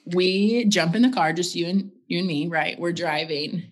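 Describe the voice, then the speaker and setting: A woman in her thirties telling a story in a casual chat, steady and matter-of-fact. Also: fairly low pitch, normal speed. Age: 30s.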